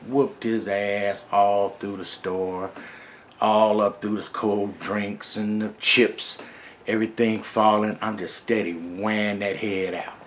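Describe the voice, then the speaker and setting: A man's voice: lowish voice, level tone, slow, a little hiss or hum. A middle-aged man casually telling a first-person story in a laid-back, streetwise way, with plenty of profanity.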